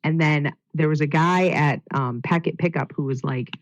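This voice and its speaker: A man's voice: fairly high pitch, fairly even intonation, moderate pace, hardly any pauses, no echo. A man telling a race story in a casual interview, rambling with lots of fillers. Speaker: guest runner. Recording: dull lo-fi sound.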